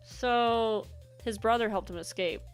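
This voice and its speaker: A young woman streaming a game, chatting casually and telling a rambling, animated story full of fillers. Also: fairly high pitch, unhurried, clean tone, faint music behind. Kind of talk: casual gameplay chat and storytelling.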